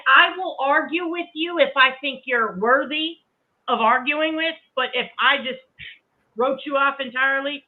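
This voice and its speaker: A woman hosting a livestream, arguing heatedly, profane, combative and mocking. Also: high voice. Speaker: livestream host. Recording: tinny phone-like line.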